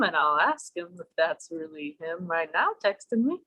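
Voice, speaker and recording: A woman's voice: lowish voice, normal speed. Profane woman telling a story. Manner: profane, animated storytelling with acted-out quotes. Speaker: podcast guest. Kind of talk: casual storytelling chat. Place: home, remote call.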